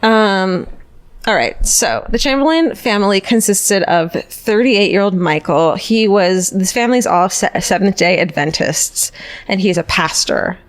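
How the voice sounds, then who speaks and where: A woman's voice: medium pitch, measured pace. An American woman co-hosting a podcast, telling a story in a loose, chatty way with lots of swearing and filler words. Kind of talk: casual chat.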